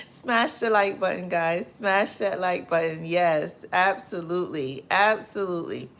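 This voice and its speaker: A woman hosting a casual livestream, greeting viewers by name and reading their comments aloud, laughing loudly and often and repeating her phrases. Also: fairly low pitch, a little slow, vocal fry, hardly any pauses. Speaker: livestream host.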